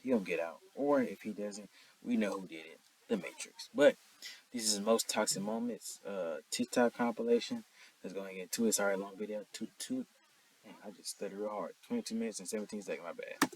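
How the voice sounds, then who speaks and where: A man's voice: fairly low pitch, a little fast. A man hosting a reaction video, talking in a laid-back, slangy, self-mocking way. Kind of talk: casual reaction commentary.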